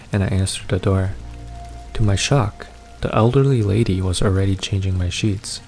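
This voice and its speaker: A man narrating a first-person horror story in a steady, measured reading. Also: low voice.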